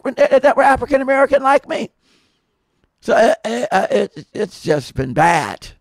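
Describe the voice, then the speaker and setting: A man talking in a casual, rambling monologue, telling stories with many restarts and growing louder when aggrieved. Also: high-pitched, very animated, normal speed, no echo, clean studio sound. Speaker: podcast subject telling stories.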